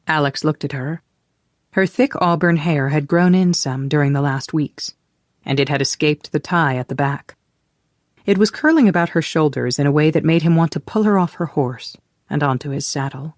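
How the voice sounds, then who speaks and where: An audiobook narrator reading a romance novel in a steady, even-paced way. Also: mid-range voice, moderate pace, dry recording, clean studio sound.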